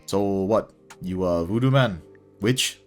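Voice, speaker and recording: A man's voice: low-pitched, takes it slowly, soft background music. A man voicing an easygoing male cab driver with a put-on Jamaican accent, raising his voice above his own for the role. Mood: curious. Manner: friendly, laid-back street talk.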